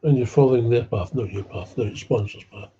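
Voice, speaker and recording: On a dull lo-fi recording, a man with a Scottish accent gives a blunt, heated talk about his own recovery, swearing freely. His medium-pitched voice is dark in tone and a little fast.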